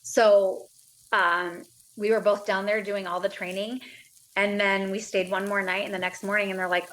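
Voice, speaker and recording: A woman in her thirties tells her own story as a podcast guest. She speaks plainly and earnestly, voicing the people she talked to along the way. Her voice sits in a middle pitch. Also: little pitch movement, moderate pace, fairly bright tone, poor audio. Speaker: guest, mother of two. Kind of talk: personal story in a podcast interview.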